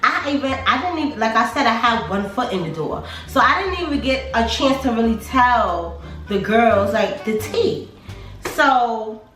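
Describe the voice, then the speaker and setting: A woman's voice: fairly high pitch, a little slow, distant mic. A young woman casually telling a storytime vlog, retelling friends' conversations with lots of fillers. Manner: chatty, animated retelling with quoted dialogue and fillers. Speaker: storytime vlogger. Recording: echoey room, voice a bit off-mic, faint music.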